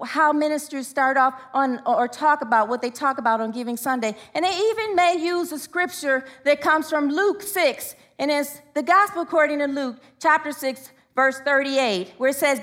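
Woman minister, high bright voice, chatty sermon full of little stories and laughs. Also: normal speed, few pauses. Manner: storytelling with frequent laughs and asides, rising excitedly for quotes.

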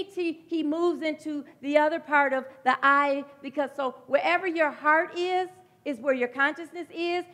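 A woman with a high, light voice delivers a heartfelt sermon. She is middle-aged and speaks earnestly and reflectively, sometimes pausing and restarting, her voice near tears. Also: a bit bright. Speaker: preacher.

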